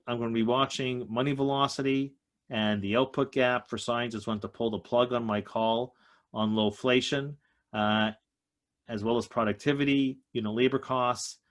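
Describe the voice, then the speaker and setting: A man's voice: medium pitch, moderate pace. A man giving an emphatic economic talk to a group over a video call, slightly out of breath. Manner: emphatic, stresses key points. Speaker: economist guest speaker.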